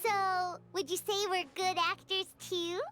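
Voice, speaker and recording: A woman's voice: extremely high pitch, little pitch movement, unhurried, a bit bright, faint music behind. A woman voicing a tiny, cheerful female fairy guide in a video game, bubbly and eager.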